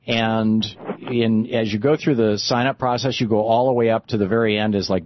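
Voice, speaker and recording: A man's voice: lowish voice, normal speed, few pauses. A man hosting a political talk radio show, talking in a casual, stammering way with many restarts. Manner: stammering, restarts, animated asides. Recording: slightly dull broadcast audio.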